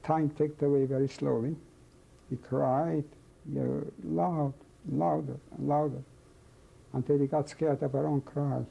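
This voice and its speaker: Older man from Czechoslovakia, gravelly and dark, halting testimony delivery, muffled lo-fi recording. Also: a little high, flat delivery. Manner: halting, repeats phrases, slow reflective storytelling. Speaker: witness telling his life story. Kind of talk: oral history testimony. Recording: dull lo-fi recording, faint hiss.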